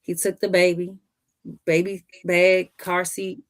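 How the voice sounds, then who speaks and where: Animated woman telling a family story. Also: fairly low pitch, slow pace. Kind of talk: casual storytelling.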